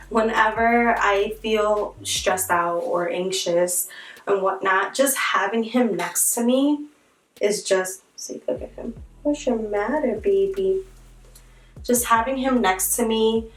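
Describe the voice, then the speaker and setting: A woman's voice: mid-range voice, recorded from a distance. A young woman speaks candidly to her viewers in a chatty, heartfelt way. Her voice is picked up from a little way off the mic in a reverberant room, with faint music underneath. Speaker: vlogger. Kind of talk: casual vlog talk to camera.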